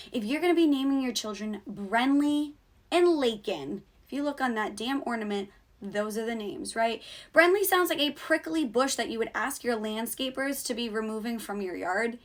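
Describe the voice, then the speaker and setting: A woman hosting her own show in sassy, mock-outraged comedic commentary, swearing freely, her voice cracking when it rises. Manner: voice cracks when going high. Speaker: show host.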